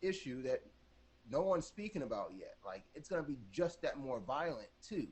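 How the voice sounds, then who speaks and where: A man co-hosting a gaming podcast, talking in a casual, animated, rambling way. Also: medium pitch, normal speed, crowd noise. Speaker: podcast co-host.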